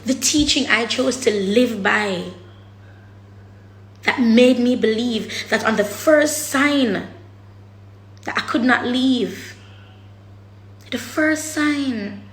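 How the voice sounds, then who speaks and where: Slow and pausing often, a woman with a fairly high voice talks in an echoey room. She's a vlogger being candid and raw with her audience, cursing liberally and speaking with heavy weight.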